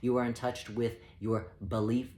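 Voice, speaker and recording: Man, calm measured spiritual teacher, even mid-range voice. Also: medium pitch. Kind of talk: spoken teaching talk.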